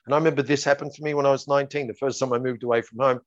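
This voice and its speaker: A male therapist lays out his approach in a steady, methodical run of repeated phrases. The audio is dull and lo-fi, with a dry, close sound. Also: medium pitch, rapid-fire, no echo. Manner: repetitive, methodical, acts out client dialogues. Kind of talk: explaining his method in an interview.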